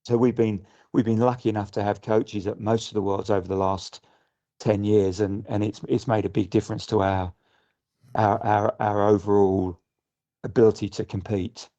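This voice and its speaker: A man's voice: on the low side, flat delivery, moderate pace, mellow. A middle-aged man from the UK, a guest sailor on a casual podcast, speaking thoughtfully with frequent restarts and fillers. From United Kingdom. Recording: muffled lo-fi audio.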